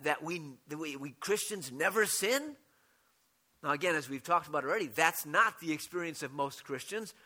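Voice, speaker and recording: A man's voice: high-pitched, bright, forceful tone. A man preaching a sermon as pastor, explaining scripture with rhetorical questions and frequent restarts.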